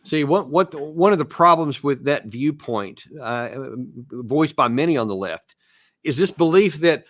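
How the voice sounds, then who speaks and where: Rambling talk show host, dry sound. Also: male voice, a little high, expressive, fairly bright tone, dry recording. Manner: rambling, halting, lots of fillers, gets worked up. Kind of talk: online political talk show.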